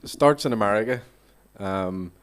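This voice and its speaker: Man, poet, slightly low pitch, joking, hesitant, restarts. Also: unhurried, smooth. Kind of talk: casual chat at a literary reading. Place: theatre stage.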